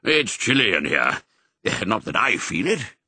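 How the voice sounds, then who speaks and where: A man reading a storybook, voicing a brisk, fatherly old male sheepdog who is a colonel. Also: on the low side, big pitch swings, bright, forceful tone, slightly rough, no echo, full character voice. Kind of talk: audiobook character voice.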